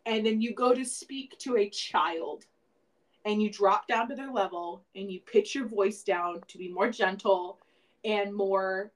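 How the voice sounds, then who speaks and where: Animated woman podcast co-host. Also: mid-range voice, a little slow, poor audio. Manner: animated, laughs often, swears. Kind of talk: casual podcast chat.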